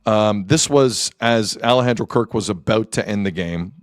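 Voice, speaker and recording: A man hosting a sports talk show, excitable, jumping between shouting and low muttering. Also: moderate pace, no echo, studio quality.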